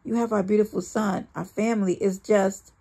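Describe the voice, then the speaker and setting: A volatile, jealous man who snaps into cursing rage, voiced by a woman reading a story aloud. His voice has a gravelly edge. In a calmer moment he turns to wheedling apologies. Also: medium pitch, normal speed. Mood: pleading. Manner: shouting curses, then pleading. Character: abusive jealous male partner, volatile.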